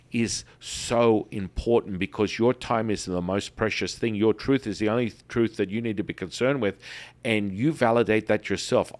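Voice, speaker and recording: A man hosting a podcast, talking in an emphatic, repetitive way and telling animated stories. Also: lowish voice. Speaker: podcast host. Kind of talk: enthusiastic promotional talk.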